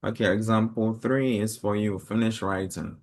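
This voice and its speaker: A man's voice: on the low side, fairly even intonation, normal speed. A man teaching a mathematics lesson to a class, explaining step by step and quizzing the students.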